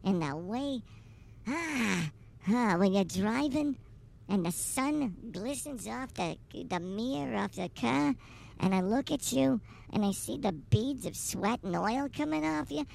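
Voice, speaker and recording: A man's voice: high-pitched, animated, measured pace, gravelly, exaggerated voice. A man voicing a brash, flirty middle-aged woman passenger who rambles crudely and teases her driver in an improvised comedy sketch. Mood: flirty rambling.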